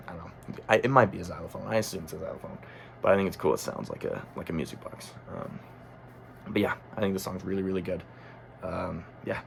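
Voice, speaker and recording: A low-voiced man with a gravelly, creaky edge gives a relaxed music review. He thinks aloud as he goes, often pausing on ums and correcting himself mid-sentence. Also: a little hiss or hum. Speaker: music critic. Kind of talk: casual album review monologue.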